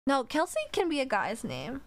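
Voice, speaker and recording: A woman's voice: sits high, wildly swooping pitch, normal speed, creaky, no room sound. A woman streamer giving blunt, chatty live commentary while watching a video. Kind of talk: casual live reaction commentary.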